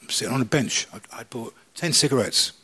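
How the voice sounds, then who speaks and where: A man telling his own life story to an audience, animated and acting out the conversations he recalls. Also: mid-range voice, a little fast, breathy edge. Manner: animated storyteller, acts out dialogue. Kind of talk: personal testimony to an audience.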